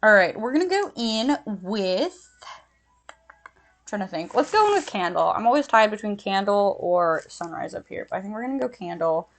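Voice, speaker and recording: A woman's voice: mid-range voice, sing-song, moderate pace. Giggly woman chatting through makeup. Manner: chatty, giggly, lots of fillers. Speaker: streamer doing makeup. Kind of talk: casual chat while doing makeup.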